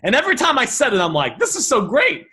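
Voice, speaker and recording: A man teaching negotiation by walking through message examples, animated and thinking aloud with quick restarts. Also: extremely high pitch. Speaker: negotiation coach.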